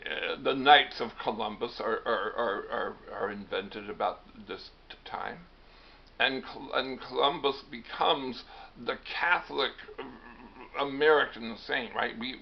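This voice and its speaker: A man's voice: mid-range voice, unhurried, creaky, slight background noise. A man hosting a rambling comedic monologue, full of wry self-deprecating asides. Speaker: host. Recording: dull lo-fi recording.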